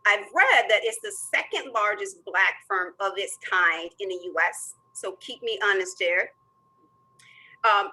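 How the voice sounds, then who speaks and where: An energetic woman from the American South moderating a webinar and introducing her guest with enthusiasm. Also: medium pitch, low-quality recording.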